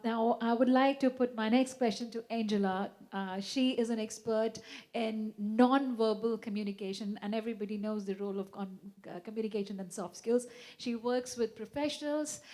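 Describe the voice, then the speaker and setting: A woman moderating a conference panel, courteous and halting, with many fillers. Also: mid-range voice, a little mellow. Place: conference hall.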